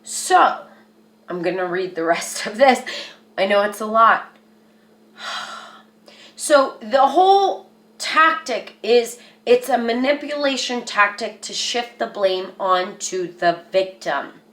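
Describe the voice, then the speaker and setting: Woman, earnest rambling storyteller, slow unhurried delivery, echoey room. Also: medium pitch, expressive, fairly bright tone. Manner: rambling, earnest, says "like" a lot. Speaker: vlogger. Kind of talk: personal storytelling to camera.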